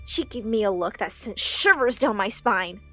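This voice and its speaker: A young woman narrating a dramatic first-person animated story, emotive and expressive. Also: mid-range voice, normal speed, soft background music. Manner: emotive, rising and falling with the drama.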